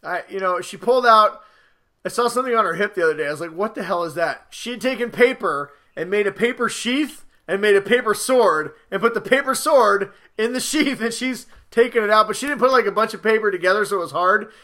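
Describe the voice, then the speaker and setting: A man in his thirties co-hosting a casual podcast, telling stories about his kids with lively retellings of their lines. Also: high-pitched, fairly quick. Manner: animated storyteller, acts out his kids' lines. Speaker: podcast co-host.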